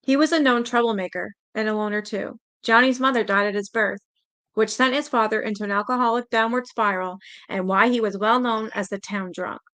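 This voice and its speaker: A woman's voice: mid-range voice, fairly even intonation, brisk, fairly bright tone. A woman hosting her channel, reading letters aloud as a story, reading steadily and sometimes stumbling over words. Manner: reads steadily, stumbles on words, breaks in with blunt reactions. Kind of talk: storytelling reading with spoken asides.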